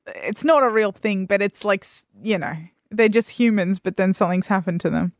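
A woman co-hosting a radio show, telling stories in chatty, animated casual talk. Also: medium pitch, normal speed, no room sound, clean studio sound. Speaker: radio co-host. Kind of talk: casual chat.

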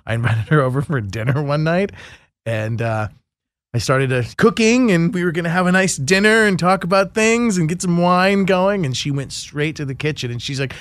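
A man's voice: on the high side, moderate pace, no echo, studio quality. A man hosting a podcast, telling stories in casual joking chat with frequent laughs. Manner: jokey storyteller, laughs often. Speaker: podcast host.

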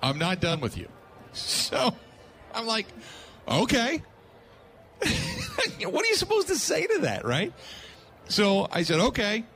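A man hosting a sports talk radio show and telling a story with plenty of energy. His pitch sits a little high and bounces widely as he acts out the people in the tale. He laughs often between lines. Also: unhurried, vocal fry, pauses often, slight background noise. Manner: animated, laughing storyteller acting out quotes.

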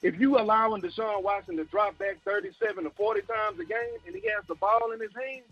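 Breathless guy on a call-in, highish pitch, kinda muffled line. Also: animated, fast, dry recording, faint music behind. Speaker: caller. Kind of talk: call-in sports talk. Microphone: phone line. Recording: dull lo-fi phone call.

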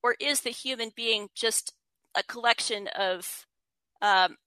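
A woman's voice: fairly high pitch, slow pace, pushed and bright, smooth, no room sound, poor audio. A woman writer giving an interview, explaining ideas earnestly and reading quotes aloud. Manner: earnest, frequent restarts, reads quotes aloud. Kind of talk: thoughtful conversational explanation.

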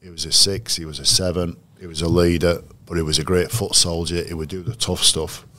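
A man with a very low, deep voice recalls his players in an unhurried interview. He speaks as a coach, measured and anecdotal, often restarting his sentences as he thinks. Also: flat delivery, pushed and bright. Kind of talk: interview storytelling.

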